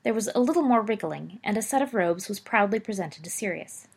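A woman's voice: medium pitch, expressive, a little fast, creaky, husky. A woman reading a story aloud, narrating evenly with occasional small slips. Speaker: reader. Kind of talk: fan fiction read aloud.

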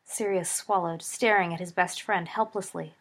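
A woman narrating a story aloud in an expressive storytelling read. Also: on the low side, normal speed. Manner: expressive, shifts voice for dialogue. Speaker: audiobook narrator.

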